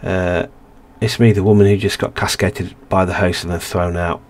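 A humiliated young noblewoman from a story game asks a stranger for help, read by a man in his own voice. His tone stays low and plain. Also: little pitch movement, normal speed, natural voice. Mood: pleading. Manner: plain reading of game dialogue. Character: snubbed young noblewoman, humble and pleading.

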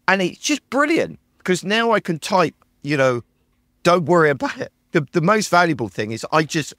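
In a casual podcast chat, a British man speaks with enthusiasm and animation, acting out the prompts he keys into his tools. His pitch is medium, and the studio-quality recording has no echo.

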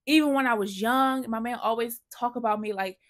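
Emotional, effusive woman vlogger, slightly high voice. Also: brisk. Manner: emotional, effusive, swears freely. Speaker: sneaker vlogger. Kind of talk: casual vlog to camera.

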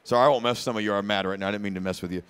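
A man preaching a sermon in church, telling a story quietly, then rising to shouts. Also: fairly low pitch, steady tone, racing, smooth. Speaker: pastor. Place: church sanctuary.

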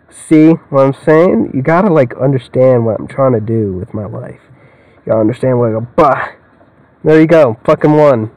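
A man's voice: medium pitch, expressive, unhurried, a little mellow, no echo, dull audio. A young man giving rambling, joking let's-play commentary, swearing a lot and laughing often. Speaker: gamer.

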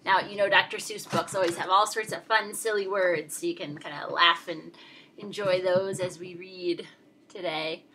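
A woman reading a children's picture book aloud, playful and expressive, talking to young listeners. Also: fairly low pitch, normal speed, husky, rough recording.

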